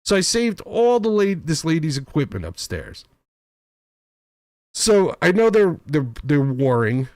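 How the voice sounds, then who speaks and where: A man's voice: fairly high pitch, very animated, a little slow, a little mellow, dry recording, clean studio sound. A man telling an aggrieved story about work, swearing often and acting out other people's voices. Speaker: host. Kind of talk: storytelling rant.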